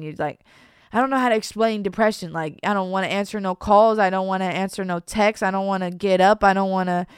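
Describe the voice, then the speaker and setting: Young female vlogger, confessional chat, subdued and hesitant delivery, clear smooth tone, dry close sound. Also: medium pitch, dry recording. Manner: halting, trails off, many restarts and fillers; soft and downcast, at times nearly whispering.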